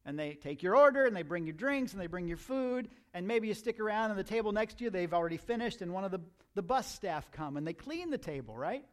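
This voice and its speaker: A male pastor giving a conversational sermon, asking his listeners questions and slipping into quiet asides. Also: high-pitched, animated, fast talker, hardly any pauses. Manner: conversational, asks the audience questions, drops to asides.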